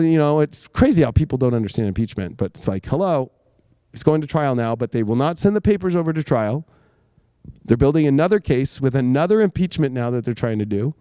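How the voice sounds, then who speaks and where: A man's voice: a little high, mellow, smooth, dry recording. A man hosting a live astrology talk, rambling and emphatic with frequent swearing. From United States. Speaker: astrologer host.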